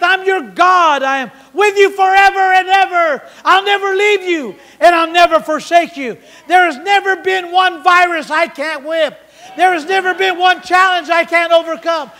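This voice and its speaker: Man voicing a thundering, commanding God. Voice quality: shouting, high-pitched. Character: God calling to his people, male, commanding. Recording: long hall reverb.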